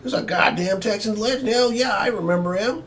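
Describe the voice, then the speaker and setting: A man's voice: high voice, a little fast, fairly bright tone, recorded from a distance, slight background noise, voice pushed up. A man voicing an overexcited, brash male football fan who boasts and swears. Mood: hyped.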